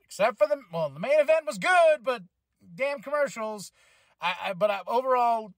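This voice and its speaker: High-voiced excitable man reviewing on a podcast. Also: no room sound. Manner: excitable, rambling, swears freely. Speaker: podcast host. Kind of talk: casual solo review podcast.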